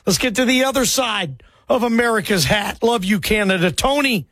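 A man hosting a sports talk radio show, energetic and chummy, full of slang as he takes calls. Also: sits high, normal speed, no room sound. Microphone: studio microphone.

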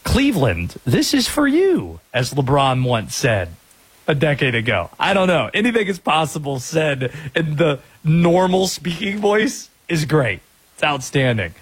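A man's voice: on the high side, very animated, slightly rough. A man hosting a call-in sports radio show, upbeat and joking with callers. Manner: upbeat, joking, quick asides.

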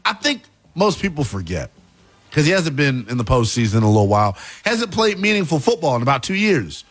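A man giving animated sports analysis on a talk show, playful and emphatic. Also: brisk, faint music behind. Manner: emphatic, playful, lively swings in pitch.

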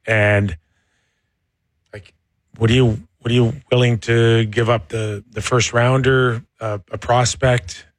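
Halting sports-talk co-host, dry studio. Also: male voice, medium pitch, level tone, dry recording. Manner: halting, questioning, restarts often.

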